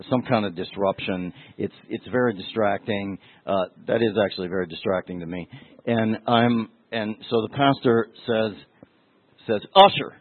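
A man with a lowish, husky voice preaches in a loose, conversational way, telling stories and talking straight to the congregation. The sound is tinny and narrow like a phone line, and the room adds no echo. His delivery is emotional and direct. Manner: emotional, storytelling, addresses listeners directly. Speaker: pastor. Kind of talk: conversational sermon.

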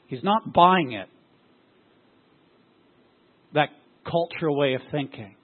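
A man's voice: on the high side, expressive, slow pace, slightly rough. A man preaching a sermon as pastor, often throwing rhetorical questions at his congregation. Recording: tinny phone-like sound.

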